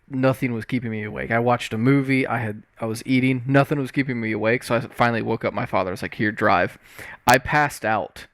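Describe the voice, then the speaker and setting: Young man, podcast co-host, casual chat, halting restarts, dry close mic. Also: mid-range voice, no room sound. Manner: halting storyteller with many restarts and fillers.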